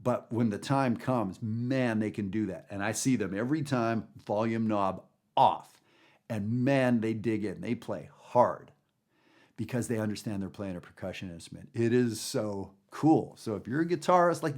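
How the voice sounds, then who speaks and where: A man's voice: lowish voice, normal speed, a little mellow. A man teaching jazz in a guided listening lesson, talking in an enthusiastic, chatty way with many fillers. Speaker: jazz educator.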